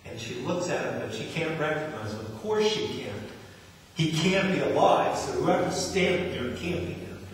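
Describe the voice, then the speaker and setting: A man's voice: on the high side, lively intonation, normal speed, slight background noise. A man from New Jersey preaching a sermon as pastor, talking conversationally and acting out quotes. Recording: echoey hall, distant mic.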